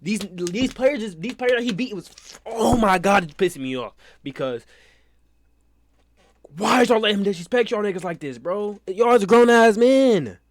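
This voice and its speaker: A man's voice: high voice, lively intonation, normal speed. A young man hosting a reaction video, talking bluntly and with lots of profanity, sounding exasperated. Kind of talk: casual reaction commentary.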